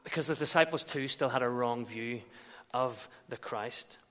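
A man's voice: mid-range voice, normal speed, a bit bright. A man preaching an expository sermon, retelling scenes and acting out quoted dialogue. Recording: long reverb of a large hall.

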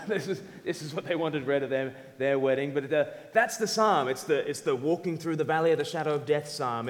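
A man delivers a sermon in a conversational, animated style, often turning questions to the listeners. His mid-pitched voice rings through a hall with a long reverb tail. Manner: animated, conversational, audience-engaging. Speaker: preacher.

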